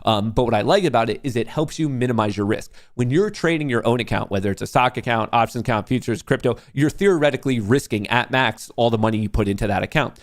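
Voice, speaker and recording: Man, livestream host, live trading commentary, brash, boastful, swears, cheers at the screen, mid-pitched voice. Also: quick pace, few pauses. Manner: excitable, cheering at the screen, profane; pitching a sponsor in plain explanatory talk. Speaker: livestream host, day trader.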